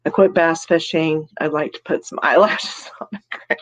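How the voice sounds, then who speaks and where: A woman's voice: low voice, normal speed. A woman hosts a casual live stream and chats in a loose, rambling way. She reads out viewer comments and greets people by name. Giggles come often between her remarks.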